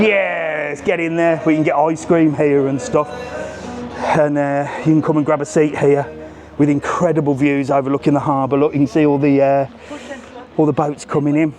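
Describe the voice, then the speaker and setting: A man's voice: fairly high pitch, level tone, normal speed. Cheeky man vlogging outdoors. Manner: cheeky, chatty, jokes with strangers. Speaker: travel vlogger. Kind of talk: live walking vlog. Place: outdoors on a seaside promenade.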